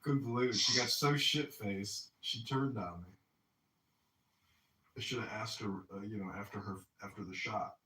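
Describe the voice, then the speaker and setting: A man's voice: on the low side, normal speed, bright, forceful tone. A man hosting a casual podcast, telling boastful rambling stories and laughing at his own jokes. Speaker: podcast host and political candidate. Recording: echoey room, distant mic, faint noise.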